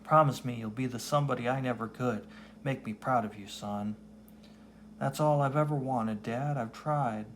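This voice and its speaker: A man's voice: mid-range voice, normal speed, a little hiss or hum, lightly acted. A man voicing a stern middle-aged father who pushes his son to study hard, in a dramatic comic reading. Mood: pleading. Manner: earnest, pleading, demanding.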